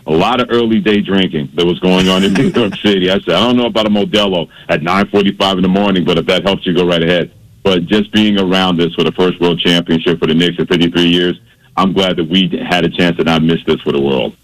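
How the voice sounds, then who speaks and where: Deep-voiced man on sports radio. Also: fairly even intonation, fast, poor audio. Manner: playful, teasing, storytelling. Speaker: radio show host. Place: radio studio. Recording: radio broadcast.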